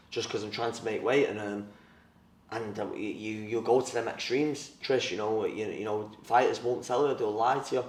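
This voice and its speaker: A man's voice: fairly low pitch, darkish tone. A young man, a former boxer, telling his story in an interview, blunt and rambling, with plenty of swearing and fillers. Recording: roomy, mic at a distance.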